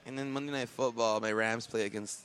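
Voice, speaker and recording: A man's voice: medium pitch, fairly even intonation, brisk, fairly bright tone. A man co-hosting a casual podcast, ranting profanely with lots of fillers and restarts. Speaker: podcast co-host. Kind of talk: casual comedic rant.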